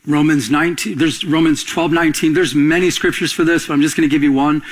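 A middle-aged male pastor preaches in a call-and-response style, quizzing his listeners, answering himself, and climbing to emphatic peaks. His voice is a little high and steady in tone, he speaks fast, and the audio quality is poor.

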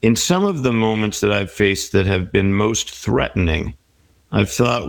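A middle-aged man with a fairly low voice talks through life advice in a reflective, encouraging way. The recording is dry and close, with no room sound. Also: animated, moderate pace, creaky, dry recording. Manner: reflective, advice-giving, with quoted inner voices. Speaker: guest. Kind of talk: conversational interview.

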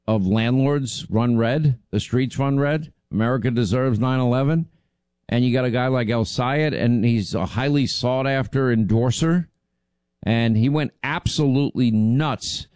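A man's voice: mid-range voice, a little mellow, clean tone, dry recording. A man hosting a talk radio show, commenting indignantly and emphatically, often repeating himself. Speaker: radio and podcast host.

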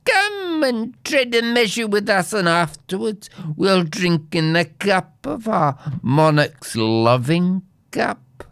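A man's voice: sits high, sing-song, slow pace, fairly bright tone, clean tone, dry recording, pitched above the performer's own voice, full character voice. A man voicing a band of wild elfin goblins who call out in a coaxing, sing-song way. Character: crowd of wild dancing elfin goblins, beckoning.

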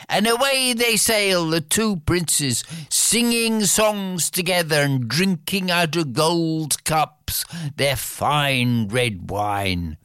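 Lively, slow-paced storyteller. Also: medium pitch, smooth, dry recording, studio quality. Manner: rhythmic, repetitive, dramatic pauses. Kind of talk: oral folktale telling.

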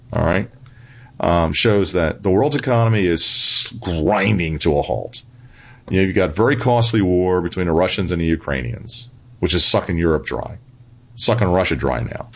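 A low-voiced man answers interview questions as a financial commentator, speaking at a moderate pace in an animated, blunt, slightly sarcastic way. He emphatically presses his points, repeating "right?" and "okay?"

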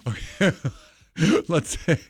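A man hosting a morning radio show, presenting and setting up bits in a brisk, upbeat way. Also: no room sound. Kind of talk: radio host banter. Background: loud music bed.

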